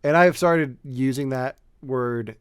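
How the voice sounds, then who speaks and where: A man co-hosting a podcast in relaxed casual chat, with frequent fillers. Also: medium pitch, slow, clear, resonant tone, no echo, studio quality. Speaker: podcast co-host.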